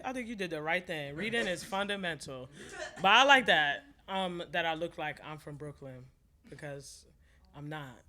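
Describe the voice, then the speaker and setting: A young woman from the performs spoken-word poetry for a live audience. Her voice is bright and forceful, trading quick slangy jokes with the crowd and then slowing into a measured, rhythmic recitation. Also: sits low. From the Bronx, New York. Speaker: performance poet. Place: indoor reading venue before a live audience.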